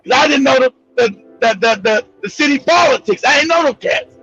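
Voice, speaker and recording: A man with a Los Angeles accent telling a profane street story as a show host, animated, loud and laughing often. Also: extremely high pitch, brisk, vocal fry, slightly rough, no room sound, lo-fi sound, faint music behind. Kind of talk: storytelling monologue.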